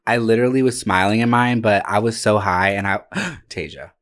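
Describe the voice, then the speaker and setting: A man's voice: fairly low pitch, brisk, a bit bright. A man chatting casually as a podcast co-host, gushing and slangy, often restarting his sentences. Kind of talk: casual chat.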